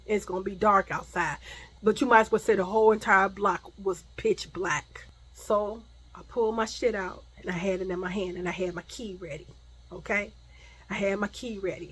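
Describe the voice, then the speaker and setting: The audio is poor, and the woman's mid-range voice has a breathy edge as she recounts her own past for a casual storytime vlog. Animated and freely swearing, she performs the other people's voices and goes hushed when things get scary.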